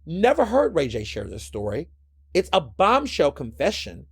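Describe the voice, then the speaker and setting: A man's voice: on the high side, huge pitch swings, normal speed, gravelly, breathy edge, no room sound, clean studio sound. A man hosting his own podcast, giving blunt, impassioned solo commentary and repeating words when worked up. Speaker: podcast host.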